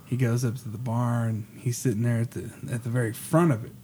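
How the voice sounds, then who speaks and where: A man tells a rambling story at a mid-pitched, ordinary register, chuckling between lines as guest host on a chatty podcast. His delivery stays loose and conversational, with a faint bit of room sound behind him. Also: level tone, brisk, warm tone, slight background noise. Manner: laughs often while telling a story. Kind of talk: casual storytelling chat.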